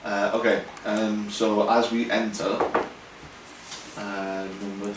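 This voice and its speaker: A man's voice: lowish voice, little pitch movement, slow pace. Hesitant man playing a tabletop game, distant. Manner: hesitant, many fillers. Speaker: player. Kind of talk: casual tabletop play chat. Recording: echoey room, far from the mic, noisy.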